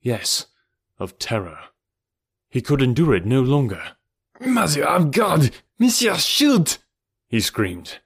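A man narrating an adventure novel as an audiobook in a steady, measured storytelling manner. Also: fairly low pitch, no room sound.

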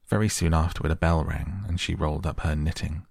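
A man narrating a classic novel softly and calmly as a bedtime story. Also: rumbling low, a little fast, gravelly, breathy edge, dry recording, studio quality. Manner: gentle, calm. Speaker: audiobook narrator. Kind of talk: soft bedtime story reading.

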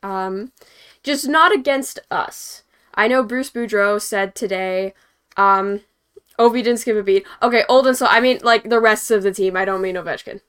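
Young woman, hockey show host, casual rambling chat, mid-pitched, smooth clear tone. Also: normal speed, a bit bright. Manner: rambling, filler-heavy, chuckles between points. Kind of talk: casual post-game analysis.

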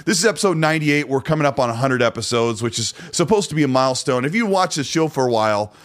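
A man's voice: medium pitch, lively intonation, fast talker. A man hosting a podcast in casual chat, laid-back and rambling, with plenty of filler words. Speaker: podcast host.

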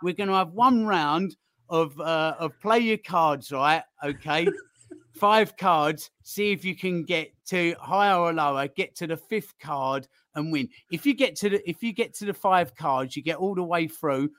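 A man's voice: a little high, unhurried, a bit bright, no echo. A man running a jokey game-show quiz on a fan podcast, with playful mock-presenter patter.

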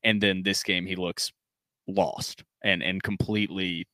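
A man co-hosting a casual sports podcast, reading game stats in a steady recap and joking with his co-host. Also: deep voice, dry recording, clean studio sound. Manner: reads box-score stats in a steady, measured recap.

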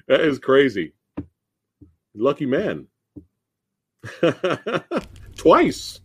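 Laughing, animated man host. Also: a little high, very slow, pauses often, breathy edge. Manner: laughs often, loose and joking. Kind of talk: casual chat.

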